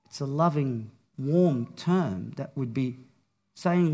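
A man preaching a sermon, with a slow, dramatic delivery that swings from hushed to raised. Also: medium pitch, expressive.

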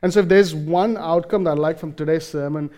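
A man's voice: on the high side, fairly even intonation, brisk, a little mellow. A man preaching a sermon, earnest and emphatic, often restarting his phrases with fillers.

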